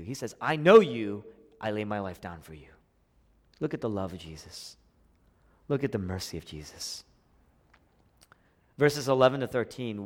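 A man preaching a sermon as a pastor, swinging between hushed, intimate lines and rising, emphatic passages. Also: mid-range voice. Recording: long hall reverb.

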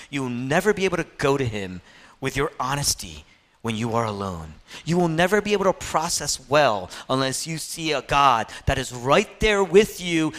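A male pastor delivers a fervent sermon in a somewhat high voice, alternating between loud, pressing stretches and soft, hushed moments.

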